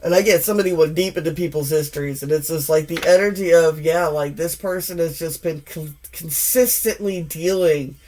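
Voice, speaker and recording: A woman's voice: low-pitched, a little fast, few pauses, darkish tone. A woman in her forties giving a casual tarot reading, blunt and profane, rambling with frequent restarts. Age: 40s. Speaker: tarot reader.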